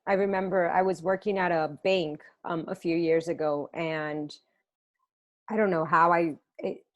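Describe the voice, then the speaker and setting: A woman's voice: lowish voice, fairly even intonation, unhurried, dull audio. A woman hosting an interview, responding in an enthusiastic, affirming way. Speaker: interview host. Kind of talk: casual chat.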